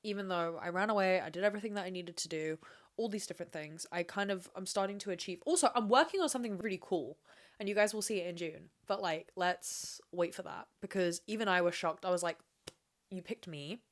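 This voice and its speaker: A woman's voice: lowish voice, quick pace. A young woman hosting a casual solo podcast, talking candidly and rambling with plenty of swearing, asking herself questions and answering them. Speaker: podcast host.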